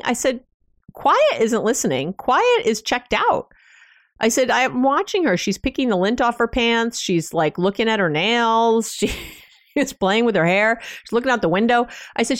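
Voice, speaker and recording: A woman's voice: medium pitch, no echo, clean studio sound. A woman, a couples therapist hosting her own podcast, talking relationship advice in a conversational, anecdotal way with small laughs and restarts. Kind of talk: solo podcast advice talk.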